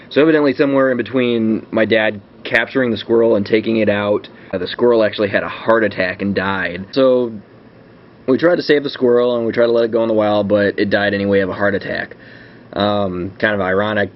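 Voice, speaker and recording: A young man tells a home story, full of fillers and restarts. His voice sits a bit low. The audio is dull and lo-fi with a faint hiss behind it. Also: fairly even intonation, a little fast. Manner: rambling, filler-heavy, self-correcting. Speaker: vlog host. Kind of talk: casual storytelling.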